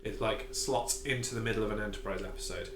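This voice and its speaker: A man's voice: fairly low pitch, fairly even intonation, quick pace, echoey room, noisy background. A man co-hosting a live stream, talking in a casual chat as an eager, opinionated fan. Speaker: co-host.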